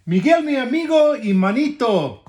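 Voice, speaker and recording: A man's voice: very high-pitched, big pitch swings, moderate pace, a little mellow, voice pushed up. A man voicing a hungry, scheming male wolf who coaxes and wheedles in a storybook reading. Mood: coaxing. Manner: wheedling, coaxing.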